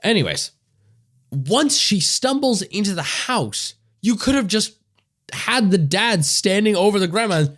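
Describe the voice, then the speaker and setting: A man's voice: high voice, big pitch swings, unhurried, a bit bright. A man co-hosting a podcast, ranting in casual chat about a movie and swearing a lot. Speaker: podcast co-host. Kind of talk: casual film review chat.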